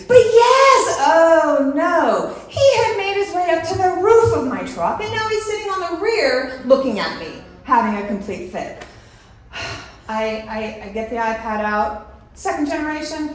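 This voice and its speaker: A middle-aged woman telling a story on stage, animated and breaking into laughter mid-sentence. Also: on the high side, normal speed. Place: large hall at a live event. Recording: echoey hall, picked up from a distance.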